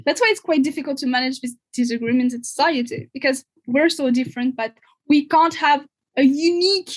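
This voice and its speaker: A young Frenchwoman in her 20s with a French accent chats casually as a podcast guest, laughing often and sometimes searching for words. Her voice is high and a little fast.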